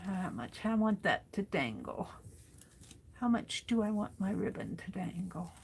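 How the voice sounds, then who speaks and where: Slow-talking woman crafting on a livestream. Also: medium pitch, big pitch swings, vocal fry, slight background noise. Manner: talks herself through each step, reads chat comments aloud. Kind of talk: casual crafting livestream chat.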